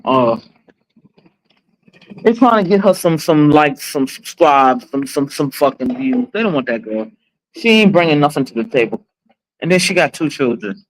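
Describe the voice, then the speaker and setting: A woman's voice: low-pitched, rough recording. A woman in her forties hosting a livestream, chatting casually with blunt, profane, dramatic storytelling. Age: 40s. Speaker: livestream host.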